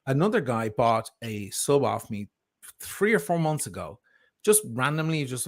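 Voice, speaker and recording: A man defends himself on a heated livestream. He is emphatic and sarcastic, and his voice sits at an ordinary mid pitch. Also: big pitch swings, normal speed. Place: lives in Venice.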